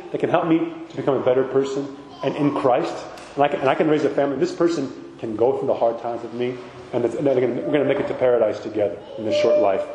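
A man's voice: on the high side, warm tone, slight background noise. A man, an Orthodox priest, giving an informal sermon talk, conversational and full of rhetorical asides. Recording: echoey hall with long reverb.

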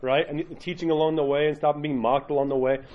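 Priest guy, lively storyteller, keeps asking "right?", chatty teaching vibe. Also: on the high side, fast talker, lo-fi sound. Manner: animated storyteller, often asks "right?". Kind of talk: informal teaching talk.

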